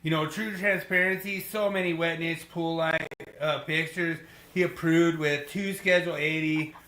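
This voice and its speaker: A man's voice: a little high, fairly even intonation, moderate pace, sharp tone, roomy sound. A male podcast host in casual chat, enthusiastic and full of "dude" and "you know" as he reads out listener comments.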